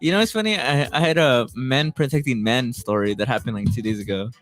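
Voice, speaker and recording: A young man hosts a relaxed podcast chat, his middle-pitched voice wandering through stories full of "like" and "uh." He laughs easily between thoughts. Soft music sits faintly beneath him. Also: a little fast. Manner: laughs often, rambling storyteller with many fillers. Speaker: podcast host.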